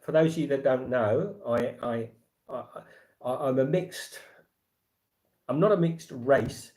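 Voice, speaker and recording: A man's voice: mid-range voice, a little slow, darkish tone. A man with an English accent hosting a casual livestream chat, rambling with lots of fillers and restarts. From England. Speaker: livestream host.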